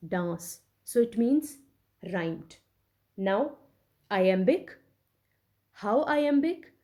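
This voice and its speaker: Woman teacher explaining a poem, slow and repetitive, soft mellow voice, keeps asking all right. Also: on the high side. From Pakistan. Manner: slow, repetitive explaining with many check-ins. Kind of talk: recorded English literature lecture.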